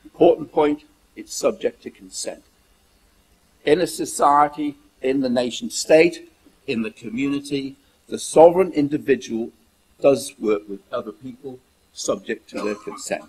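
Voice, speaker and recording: A man's voice: mid-range voice, measured pace, darkish tone, breathy edge, low-quality recording. A man from the United Kingdom talking in an emphatic monologue, repeating phrases and acting out the dialogue of his story. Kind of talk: monologue telling a personal story.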